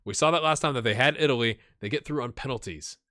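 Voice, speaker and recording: A man's voice: medium pitch, fast, sharp tone, no echo, studio quality. A man hosting a gaming channel, casually commenting on a management game, chatty and thinking aloud with rhetorical questions.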